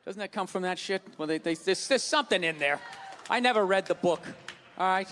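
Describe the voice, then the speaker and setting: On a comedy stage before a live audience, a man rants through a profane stand-up routine, mocking people in put-on voices. His voice sits high and a bit bright, and he talks fairly quickly. The venue is reverberant, with crowd noise throughout.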